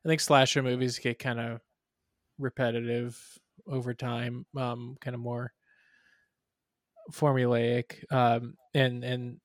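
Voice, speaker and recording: A man with an average-pitched voice co-hosting a podcast, hesitant and full of "um"s, his sentences trailing off quietly. The sound is dry and close. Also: little pitch movement, takes it slowly, pauses often, dry recording. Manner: hesitant, many "um"s, trailing off softly. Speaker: podcast co-host. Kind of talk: casual chat.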